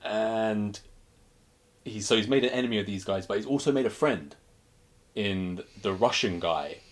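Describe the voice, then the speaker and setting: A man with a low voice co-hosting a casual film review podcast. He retells plots in an animated way, stumbling into restarts as his thoughts run ahead. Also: moderate pace. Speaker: podcast co-host.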